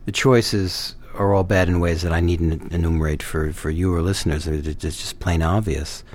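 A man speaks in a somewhat low voice on a political panel. He talks in a measured, hesitant way, pausing on fillers and restarting his sentences. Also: steady tone. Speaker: guest commentator.

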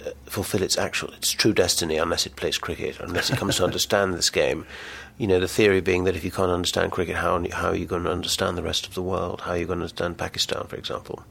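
A man's voice: deep voice, gravelly, a bit bright. A male author reading from his novel, then answering questions in a hesitant, thoughtful way full of fillers.

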